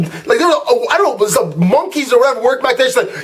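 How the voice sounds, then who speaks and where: A young man ranting casually to camera as a vlog host, telling a story in an animated way and acting out what people said, with frequent fillers and restarts. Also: very high-pitched, a little fast, slight background noise.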